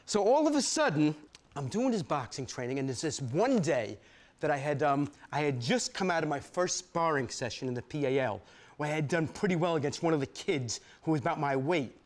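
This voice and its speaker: A man from Brooklyn, reading a personal story aloud in an animated, profane, conversational way. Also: on the high side, brisk.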